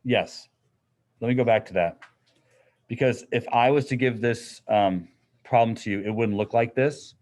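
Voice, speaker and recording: A man's voice: mid-range voice, normal speed, pauses often, darkish tone. A middle-aged man teaching a physics class in a classroom, explaining in a casual, conversational way. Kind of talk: classroom lecture.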